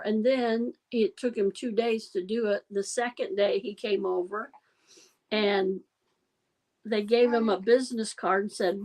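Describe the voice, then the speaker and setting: The host of a casual livestream, a woman, laughs often while telling viewers rambling stories. Her medium-pitched voice is steady and darkish at a measured pace, though the audio quality is poor.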